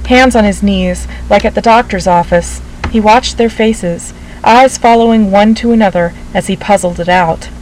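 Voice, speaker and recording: A woman reading a literary short story aloud as narrator, in a measured, gently expressive way. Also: mid-range voice, a little hiss or hum, rough recording.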